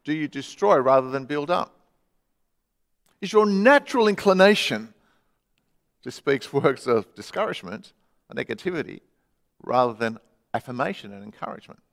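Middle-aged male pastor, conversational sermon, mid pitch, church hall reverb. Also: lively intonation, normal speed, vocal fry, pauses often. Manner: conversational, swings from loud to hushed.

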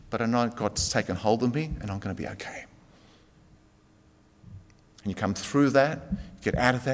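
A man preaching a sermon as a pastor, earnest, swinging from emphatic to very soft. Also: mid-range voice. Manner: earnest, rising to emphatic then dropping very soft. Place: church. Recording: reverberant church hall.

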